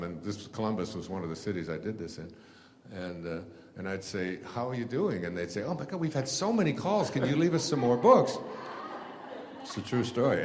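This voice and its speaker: A man telling stories to an audience in a rambling, halting way, with many fillers and restarts. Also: lowish voice, in a large hall, slight background noise. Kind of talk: storytelling lecture.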